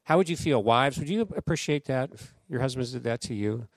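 A man preaching a sermon in a conversational, animated storytelling way, acting out quoted voices. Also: medium pitch, fairly quick, vocal fry, dry recording, clean studio sound. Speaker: pastor.

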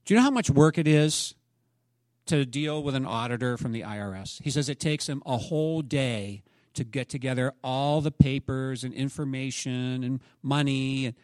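A man's voice: medium pitch, normal speed, no room sound. Dry, close-miked preaching man. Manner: preacherly, rising to emphatic peaks then dropping soft. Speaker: pastor. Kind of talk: sermon.

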